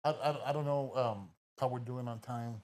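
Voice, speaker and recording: A man hosting a podcast, laid-back and quick to joke and laugh. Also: medium pitch, steady tone, a little mellow. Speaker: podcast host. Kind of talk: casual chat.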